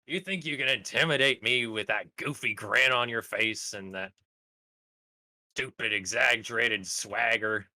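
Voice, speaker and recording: A man's voice: medium pitch, a little slow, sharp tone, dry recording. A man voicing a brash, boastful male brawler with a cybernetic implant in a tabletop game. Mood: mocking. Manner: boastful and scornful.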